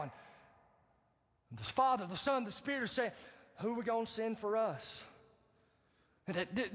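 A male pastor preaching a sermon, swinging from loud to hushed and acting out quoted pleas. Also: breathy edge. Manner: acts out quoted pleas in a higher voice. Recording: dull lo-fi sound, long hall reverb.

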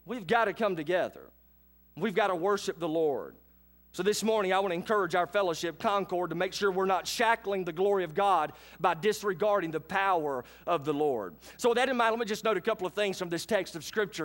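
A man's voice: high-pitched, fairly bright tone. A pastor delivering an earnest sermon to his congregation, telling the scripture story vividly and asking the listeners direct questions.

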